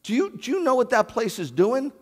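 A man preaching a sermon as a rabbi, animated, with rhetorical questions and loud scripture reading. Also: very high voice, a little fast, slightly rough, big-room sound. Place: congregation sanctuary.

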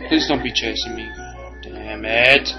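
A man's voice: lowish voice, a little slow. A young man giving casual commentary as he plays a video game, frustrated and cursing at the enemies on screen. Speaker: let's play gamer. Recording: dull lo-fi recording. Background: game music.

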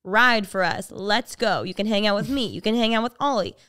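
A woman's voice: medium pitch, fairly quick, smooth. A young woman hosting a podcast from a studio, chatting casually and acting out her own past remarks as she tells stories. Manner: animated storytelling, acts out her own past lines. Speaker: podcast host. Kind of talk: casual chat.

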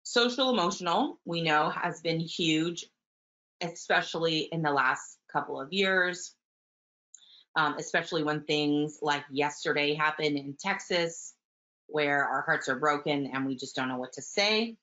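A woman teaching early childhood, talking warmly about picture books and reading them aloud. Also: sits low, a little slow. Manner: warm, gentle, enthusiastic teacher, with soft fillers. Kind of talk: webinar talk with book read-alouds. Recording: muffled webinar audio.

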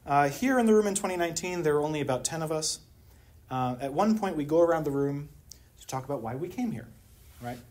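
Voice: mid-range voice, lively intonation, quick pace, a little mellow. Wry lecturer. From Pittsburgh, USA. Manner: wry, humorous, rhetorical questions. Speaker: anthropology lecturer. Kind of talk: academic colloquium talk. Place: university lecture room.

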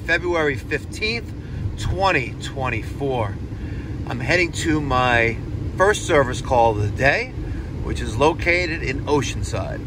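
A man, a plumber vlogging about his day in a joking, sarcastic way. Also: fairly high pitch. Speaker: plumber and heating technician. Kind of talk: casual driving vlog. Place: in a car, then a customer's house. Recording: noisy, car and street noise.

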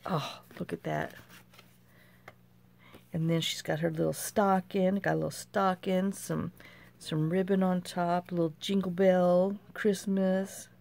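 Unhurried and lowish, with little pitch movement and a gravelly, slightly mellow quality, a middle-aged craft channel host handles her handmade craft mail. She's chatty, talking to herself and exclaiming over every item.

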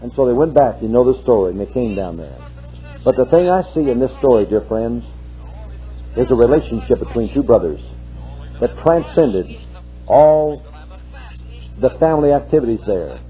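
Male preacher, fervent and husky, heard through a thin, phone-like old recording. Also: medium pitch, animated, moderate pace, pauses often, faint music behind. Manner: fervent, punctuated with hallelujahs. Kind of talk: sermon. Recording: tinny lo-fi archive sermon tape.

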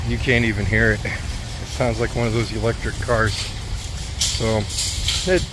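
A man's voice: medium pitch, little pitch movement, normal speed, pauses often. A man, a trucking vlogger, chatting casually on a road trip in a rambling, easygoing way with many fillers. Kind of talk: casual vlog chat. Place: in and around a pickup, outdoors. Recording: noisy outdoor vehicle recording.

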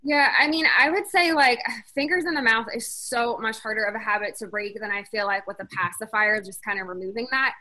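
Bright-voiced woman answering casually. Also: on the high side, fairly quick, few pauses. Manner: casual, hedging, many fillers. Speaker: co-presenter on child habit therapy. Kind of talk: casual webinar Q&A.

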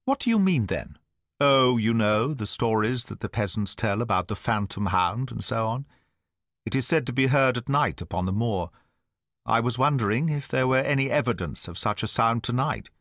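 A sly, nervous male naturalist, read by a man in an audiobook, politely probing while hiding his alarm. His pitch swings in a lively way. The sound is dry and close. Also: moderate pace, dry recording. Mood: wary. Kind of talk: audiobook dialogue reading.

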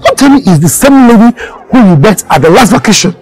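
A man's voice: high-pitched, sing-song, fast talker, darkish tone, breathy edge, faint music behind, full character voice. An actor with a Nigerian accent playing a young male friend who talks in a teasing, informal way.

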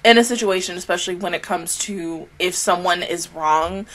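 A young woman reacting to an anime on her channel, ranting casually and animatedly, swearing freely and slipping into quick mocking voices of other people. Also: lowish voice, fairly bright tone.

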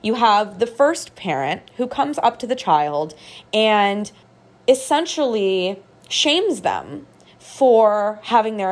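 A woman art therapist giving a calm, reflective motivational podcast talk, guiding listeners through a visualization. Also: medium pitch.

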